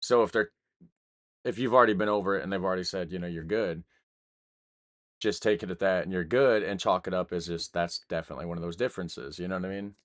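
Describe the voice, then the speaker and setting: A man's voice: low-pitched, steady tone, fast, fairly bright tone. A man hosting a reaction video, commenting casually and thinking aloud with hesitant, rambling asides. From United States. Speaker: reaction host.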